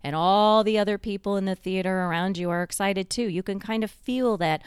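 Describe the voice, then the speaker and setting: A woman's voice: mid-range voice, a little fast, clear, resonant tone, dry recording, clean studio sound. A woman host telling a guided second-person story in a conversational way, drawing the listener into the scene.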